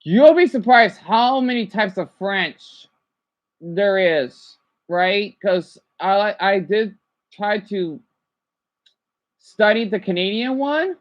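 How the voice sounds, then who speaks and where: A woman's voice: mid-range voice, expressive, takes it slowly, lo-fi sound. A woman vlogger chatting casually as she watches a video, repeating herself and sounding out foreign words.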